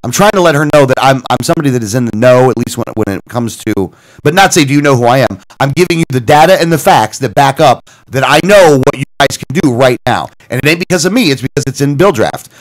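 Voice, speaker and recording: Male talk-show co-host, mid pitch, very lively intonation, casual storyteller who quotes phone calls. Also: fast. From Florida. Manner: animated, retelling phone calls with quoted dialogue and self-corrections.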